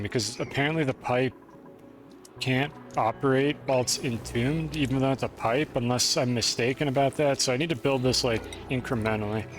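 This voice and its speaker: Guy streamer, rambles and puts himself down, faint music under him, mid pitch. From United States. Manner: rambling, self-deprecating, talks to chat. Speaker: game streamer. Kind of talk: casual live-stream chat while playing.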